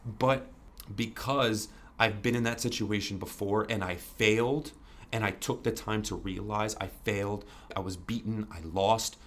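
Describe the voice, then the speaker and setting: A man's voice: on the low side, fairly even intonation, measured pace, a bit bright. A man as a podcast guest, talking candidly and earnestly, repeating himself with many "you know"s and casual swearing. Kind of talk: candid interview conversation.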